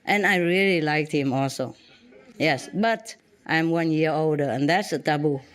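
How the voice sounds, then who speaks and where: Woman, halting. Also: deep voice, a crowd in the background. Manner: halting, frequent restarts and fillers. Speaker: spiritual teacher. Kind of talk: personal storytelling to students.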